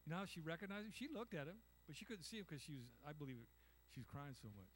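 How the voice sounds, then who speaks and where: A man's voice: fairly high pitch, sing-song, quick pace, a little hiss or hum. An older man preaching a conversational sermon, acting out little voices and asking the congregation "amen?". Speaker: pastor.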